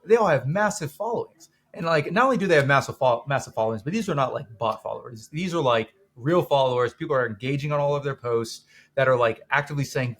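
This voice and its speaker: Young guy rambling on a podcast, lots of likes and um's, mid-pitched voice. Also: animated, fast, hardly any pauses, a bit bright. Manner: rambling, many fillers and restarts. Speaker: documentary co-producer, guest. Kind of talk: casual interview chat.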